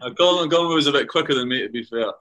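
A man's voice: mid-range voice, racing, fairly bright tone. A Scottish man from Carnoustie, a former footballer, chatting as a guest and telling rambling stories full of restarts and repeated words. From Carnoustie, Scotland. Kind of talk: casual podcast chat, anecdotes.

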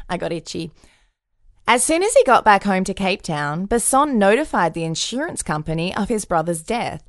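A woman's voice: medium pitch, a little slow, long pauses, no echo, clean studio sound. A woman co-hosting a podcast, telling a true crime story in a casual, jokey way full of puns. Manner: jokey, punny, lively storyteller.

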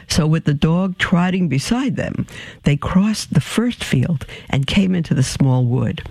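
Slow gravelly man reading a story. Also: fairly high pitch, animated, warm tone, no room sound. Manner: unhurried, pauses to explain asides. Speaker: reader. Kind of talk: reading a children's story aloud.

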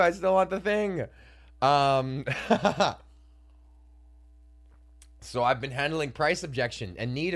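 A young comedian hosts a casual solo podcast, ranting, swearing freely, and laughing while he imitates customers in different voices. His voice is mid-range and a bit bright, and he's hiccuping.

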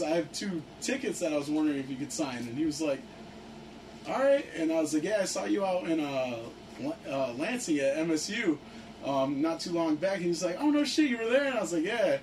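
A young man tells a story to his friends in a loose, excited, profane way, leaning on "like" constantly. His voice sits a little high for a man. He is picked up from a distance, with a faint hiss underneath. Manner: excited, profane, heavy use of "like". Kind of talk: casual storytelling among friends. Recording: distant mic with faint background noise.

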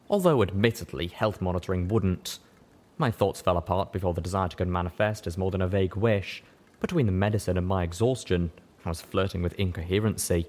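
A man narrating a fan fiction audiobook with expressive storytelling. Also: low-pitched.

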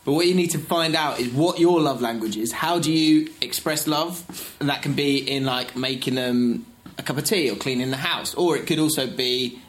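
A man's voice: mid-range voice, moderate pace, few pauses. Man giving chatty advice. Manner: chatty, laughs often, acts out quotes. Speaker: podcast co-host. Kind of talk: casual advice chat.

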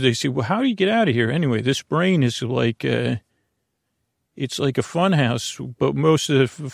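A middle-aged man hosting a sleep podcast, talking in a meandering, self-interrupting, soft and lulling way with a creaky voice. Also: medium pitch, no echo, clean studio sound. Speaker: podcast host. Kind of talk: rambling sleep podcast monologue.

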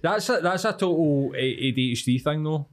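A man's voice: fairly high pitch, lively intonation, normal speed. A Scottish man co-hosting a podcast, asking loose, sweary questions in casual chat. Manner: sweary, tangent-prone questions. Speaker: podcast co-host.

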